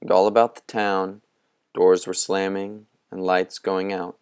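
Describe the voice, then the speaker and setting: Guy reading a book out loud, deep smooth voice, takes it slow. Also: level tone, no room sound, studio quality. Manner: slow, measured storytelling. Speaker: audiobook reader. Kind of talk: scripted narration.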